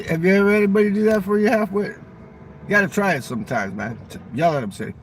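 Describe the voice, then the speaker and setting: Casting: foul-mouthed rambling man, slightly high-pitched, casual monologue outdoors with faint traffic behind. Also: lively intonation, fast talker. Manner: profane, rambling storyteller. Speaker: vlogger.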